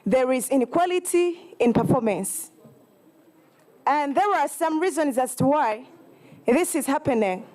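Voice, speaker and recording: A young woman with a Ugandan accent delivers a student campaign speech in a high voice. She talks slowly and earnestly, halting and apologizing as she goes. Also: expressive, a little mellow. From Eastern Uganda. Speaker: student election candidate.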